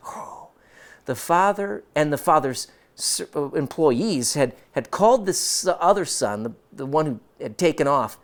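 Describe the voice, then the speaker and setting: A male pastor preaching a sermon, emphatic and moving between quiet and forceful delivery. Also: fairly high pitch, lively intonation, normal speed. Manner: emphatic, shifts between soft and loud.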